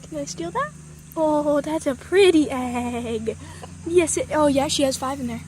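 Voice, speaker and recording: A high-pitched young woman chats while she films herself at a chicken coop with a handheld camera. She coaxes her hens in a sing-song tone. Faint outdoor noise and clucking sit behind her voice. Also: measured pace. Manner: chatty, coaxing the hens with baby talk. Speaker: vlogger. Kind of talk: casual vlog narration.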